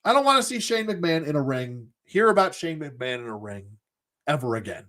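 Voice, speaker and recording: A man's voice: on the high side, sing-song, fairly quick, bright, forceful tone. A man ranting casually as a show host, sarcastic and exasperated, swearing as he goes.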